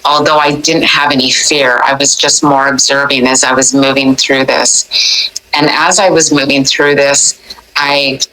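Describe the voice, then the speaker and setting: A woman's voice: sits low, sharp tone, rough recording. A woman in her forties telling her near-death experience in an earnest, reflective way, with frequent halts and restarts. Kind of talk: recounted personal story.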